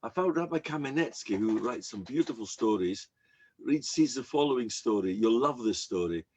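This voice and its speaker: A rabbi giving a sermon, telling a story and acting out the people in it. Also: male voice, medium pitch, moderate pace, breathy edge. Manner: animated storyteller acting out quoted characters. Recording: dull lo-fi recording.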